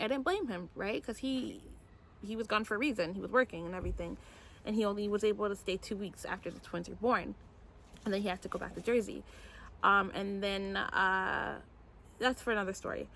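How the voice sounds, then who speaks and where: A young adult woman, a mom vlogger, telling a personal story in a candid, animated storytime vlog. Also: on the high side, a little hiss or hum.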